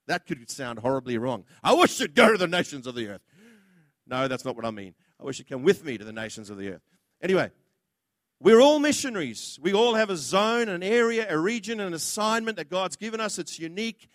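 A man's voice: on the high side, no echo, clean studio sound. A man preaching a sermon, blunt and impassioned, acting out the words of others as he goes.

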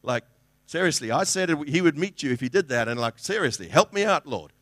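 A middle-aged man preaching to his congregation in an earnest, conversational way. His voice sits a little high for a man, and the sound is dry and close, with no room echo. He often restarts sentences and acts out little quotes. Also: lively intonation, brisk, a bit bright. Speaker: pastor. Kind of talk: sermon.

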